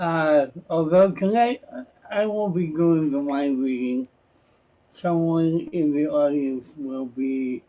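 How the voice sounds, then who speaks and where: A man performing as a mentalist, speaking in a measured, deliberate storytelling manner. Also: fairly high pitch, dark tone, rough recording. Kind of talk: magic performance patter.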